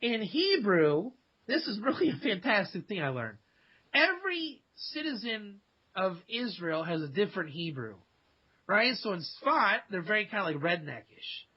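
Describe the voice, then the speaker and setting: A man's voice: high-pitched, animated, measured pace, husky. A man from Ohio, a rabbi speaking as a radio guest, telling stories animatedly with quoted voices. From Dayton, Ohio, USA. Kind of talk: casual radio interview. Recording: dull lo-fi radio sound.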